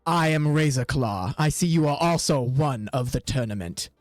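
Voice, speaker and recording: A man's voice: animated, no echo, soft background music, natural voice. A man putting on a smug, sly old cat. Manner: slow purring drawl, lower than his own voice. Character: smug sly male cat, ancient and dangerous.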